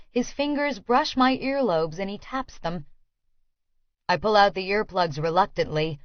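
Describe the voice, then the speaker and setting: Slow, hushed woman narrating an audiobook. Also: medium pitch, no echo, muffled recording. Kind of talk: first-person audiobook narration.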